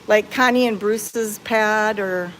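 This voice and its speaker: A woman live-streaming from a cat sanctuary, chatting casually with viewers and cooing softly at the cats. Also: medium pitch, slow, slight background noise. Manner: soft-spoken, cooing baby talk to cats. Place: indoor cat room at a sanctuary.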